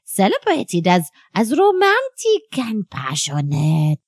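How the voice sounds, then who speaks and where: A woman's voice: medium pitch, huge pitch swings, slow pace, no room sound, studio quality, pitched below the performer's own voice, exaggerated voice. A woman playing a flirtatious, unfaithful French wife with a mock French accent, in a comedy sketch. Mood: coy.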